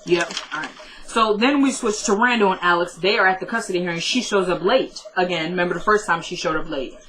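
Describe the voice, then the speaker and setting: A woman's voice: on the low side, fairly quick, a bit bright, low-quality recording. A woman casually recapping a TV episode in a chatty way, retelling scenes with lots of "she goes" and "he's like". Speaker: TV episode reviewer.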